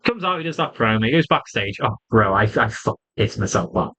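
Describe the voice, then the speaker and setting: A man giving a casual solo wrestling review, animated and swearing freely, often laughing. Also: fairly low pitch, a little fast, husky, low-quality recording.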